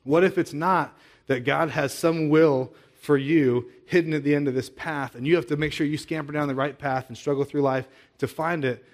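A man's voice: a little high, steady tone, moderate pace. A man preaching a sermon as a pastor, talking in a conversational way, asking many rhetorical questions and often repeating words as he restarts.

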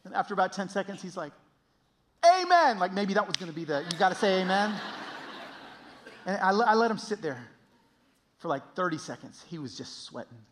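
A middle-aged man preaching a sermon, telling a story in an animated, conversational, self-deprecating way. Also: sits high, brisk, a little hiss or hum.

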